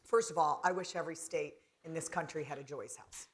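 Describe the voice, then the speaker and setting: A woman's voice: low-pitched, brisk. A middle-aged woman from North Carolina moderating a conference panel, chatty and storytelling with fillers. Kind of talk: conference stage talk.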